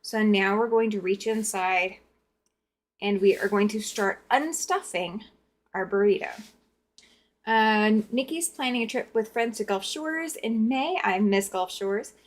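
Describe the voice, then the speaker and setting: A woman's voice: mid-range voice, measured pace. Chatty woman hosting a quilting livestream. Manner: chatty, greets viewers by name. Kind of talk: live-stream chat while sewing.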